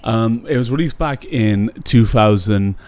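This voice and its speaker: Lower-voiced young man ranting bluntly. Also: unhurried, a little mellow, no echo. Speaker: podcast co-host. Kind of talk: casual chat.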